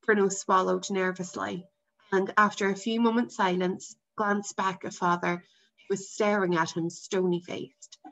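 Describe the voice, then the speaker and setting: A woman teacher narrating a chapter book aloud, steady and expressive, at an average pitch. Her voice has a gravelly texture, and the recording sounds dull and lo-fi. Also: unhurried. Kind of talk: read-aloud storybook narration.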